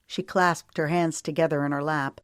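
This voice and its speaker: A woman reading an audiobook romance in a measured, calm voice. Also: sits low, clean tone, no room sound, studio quality. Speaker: audiobook narrator. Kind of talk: scripted narration.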